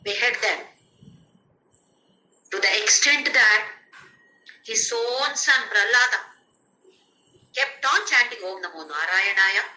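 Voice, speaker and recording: A woman's voice: a little high, lively intonation, measured pace, pauses often, pushed and bright, reverberant, rough recording. A woman with an Indian English accent, explaining scripture in an earnest, emphatic teaching talk. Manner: earnest, emphatic, chants verses in a sung tone. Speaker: spiritual teacher.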